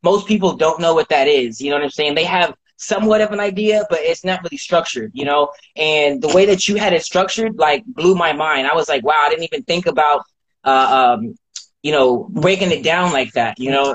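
A man giving a relaxed testimony as a course member on a livestream. His voice sits a little high. He talks in an easygoing way and keeps tossing in filler phrases. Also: a little fast, rough recording. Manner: easygoing, heavy on "you know what I'm saying". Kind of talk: casual live-stream chat.

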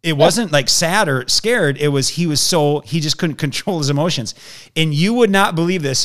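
A man telling a hunting story in a lively way, acting out the voices of the people in it. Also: on the high side, moderate pace.

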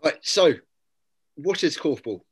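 A man from England hosting an interview, relaxed, with stumbling repeats as he talks. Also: fairly high pitch, slow, husky. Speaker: host. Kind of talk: casual interview questions.

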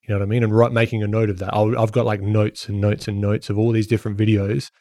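A man's voice: lowish voice, flat delivery, fast talker, warm tone, no room sound, studio quality. A man and podcast co-host chatting casually, rambling and explaining with lots of restarts. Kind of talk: casual chat.

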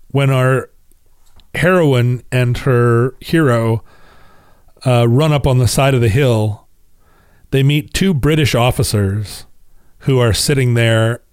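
A man's voice: medium pitch, clean tone, no echo, studio quality. A man co-hosting a film review podcast, telling stories with laughs and restarts in casual chat. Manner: animated, laughing storyteller with many restarts. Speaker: podcast co-host.

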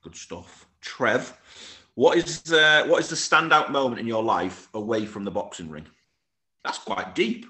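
A man's voice: mid-range voice, a little slow, pushed and bright, reverberant. A man hosting an interview, friendly and chatty, reading out questions from followers. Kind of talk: casual interview chat.

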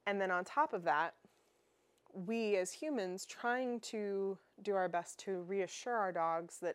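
A woman's voice: medium pitch, slow, smooth, no echo. A young woman hosting a dog training podcast, explaining in a casual, chatty way with fillers and restarts.

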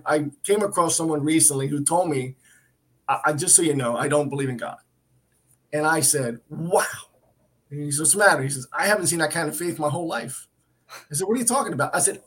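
A man's voice: a little high, fairly bright tone. A man co-hosting a Christian talk show, teaching from the Bible in an earnest, emphatic way, often restarting and repeating himself. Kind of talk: Bible teaching in casual chat.

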